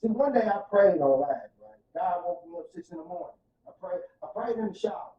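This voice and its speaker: A man's voice: sits high, lively intonation, a little fast, dull audio. Fervent St. man, roomy distant sound. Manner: fervent, preacher-like, swings from soft to loud. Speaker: podcast guest. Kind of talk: emotional testimony in casual podcast talk. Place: podcast studio room.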